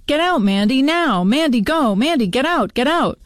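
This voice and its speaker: A woman's voice: lively intonation, moderate pace, no room sound, studio quality. A woman voicing a panicked teenage girl who screams for help. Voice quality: high, shrieking.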